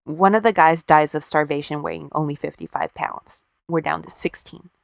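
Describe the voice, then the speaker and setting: A woman's voice: deep voice, steady tone, moderate pace, gravelly, no room sound, clean studio sound. Wry, profane woman telling a story. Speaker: podcast co-host. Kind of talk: casual storytelling chat.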